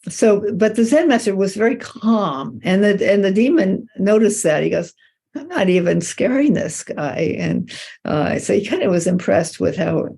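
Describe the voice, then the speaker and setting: A woman's voice: fairly low pitch, creaky, mellow, husky. A woman Zen teacher giving a dharma talk, retelling a story loosely with many restarts.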